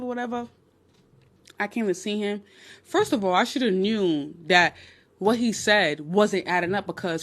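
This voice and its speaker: A young woman in her twenties with a New York accent, hosting a blunt, animated dating-advice livestream on her phone. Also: medium pitch, moderate pace. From Nigerian, raised in New York. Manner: blunt, animated, crude humor. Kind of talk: casual livestream chat.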